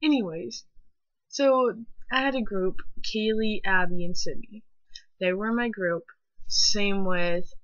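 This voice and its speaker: A woman's voice: medium pitch, no room sound, highs cut off. A teenage girl vlogging at home, ranting angrily and swearing hard as she tells a story. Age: teens. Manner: angry, animated ranting with heavy swearing.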